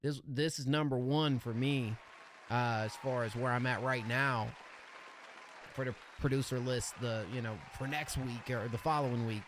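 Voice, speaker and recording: A man's voice: mid-range voice, fairly even intonation, normal speed, crowd noise, noisy background. A man hosting a live music review stream, chatting casually and enthusiastically with lots of slang, fillers and restarts. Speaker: livestream music review host.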